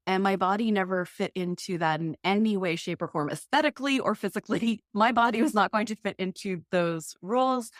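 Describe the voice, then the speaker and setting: A woman's voice: mid-range voice, brisk, hardly any pauses, dry recording, clean studio sound. A woman in her forties, a podcast guest, talking candidly and expressively about her life, often laughing at herself. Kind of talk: candid conversational interview.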